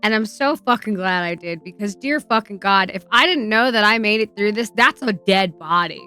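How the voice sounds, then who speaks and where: A woman streamer telling a personal story in a chatty, emotional way, swearing freely and filling pauses with "um" and "like". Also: medium pitch, animated, pushed and bright, clear, resonant tone, soft background music. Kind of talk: casual livestream storytelling.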